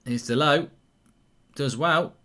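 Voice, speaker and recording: A man's voice: on the high side, slow pace, sharp tone. A man hosting a live football watchalong, chatting casually, reading out viewer comments, with frequent ums and restarts.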